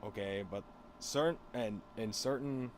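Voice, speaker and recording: A man's voice: lowish voice, a little slow, slight background noise. A man streamer rambling through a crude, casual story with lots of fillers.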